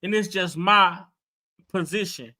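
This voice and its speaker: A woman's voice: fairly low pitch, a little slow, sharp tone. A woman in a casual livestream opinion chat, speaking fervently and repeating words as she testifies.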